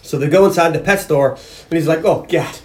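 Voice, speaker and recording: A man's voice: fairly high pitch, fast, darkish tone, slight background noise. A man hosting a podcast, casually retelling a movie's plot and acting out quotes in passing. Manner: retells scenes acting out lines. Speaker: podcast host. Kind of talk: casual movie recap chat.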